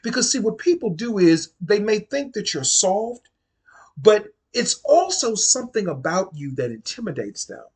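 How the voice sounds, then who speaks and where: A husky, slightly breathy man in his forties with a D.C. tells a personal story to camera. His pitch swings up and down a lot as he talks, blunt and profane, hammering points home by repeating them. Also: big pitch swings, moderate pace. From Washington, D.C. area. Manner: blunt, profane, emphatic, repeats phrases for stress. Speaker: vlogger. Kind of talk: casual storytime monologue.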